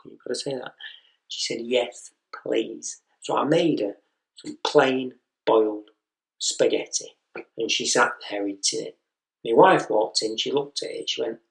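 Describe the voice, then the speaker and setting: Recorded from a distance in an echoey comedy venue, a male stand-up comedian performs a story-driven routine, voicing the characters himself. He speaks a little slowly, in a mid-range voice with vocal fry.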